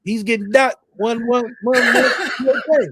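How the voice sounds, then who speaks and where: Man, high voice, dry close sound, blunt profane podcast banter. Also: steady tone, a little slow, fairly bright tone, slightly rough, dry recording. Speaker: podcast co-host. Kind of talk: casual chat.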